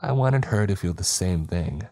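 Guy putting on a nervous mom voice, raised higher, pleading and defensive, louder than the narration. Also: animated, normal speed, soft background music. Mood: bitter. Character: anxious middle-aged mother hiding a secret.

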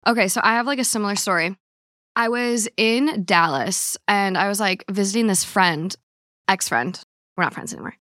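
A woman's voice: mid-range voice, sharp tone, no room sound, studio quality. Woman podcast host, candid and chatty, mid-range voice. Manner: chatty and candid, quick reactions. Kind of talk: casual podcast chat.

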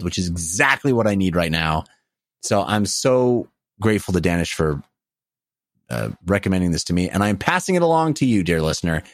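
A man's voice: fairly low pitch, no room sound, studio quality. A man hosting a casual podcast, talking loosely with frequent "uh" fillers. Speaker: podcast host.

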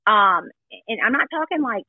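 A woman's voice: fairly high pitch, expressive, normal speed. A woman guest in casual chat, blunt, chatty and self-deprecating as she tells a story. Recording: tinny phone-like line.

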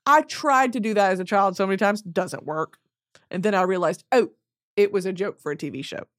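A young woman hosting a podcast, mid-pitched and conversational. She drifts off on tangents, swears casually and keeps the talk loose and chatty. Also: brisk. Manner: rambling, tangent-prone, swears freely. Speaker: podcast host.

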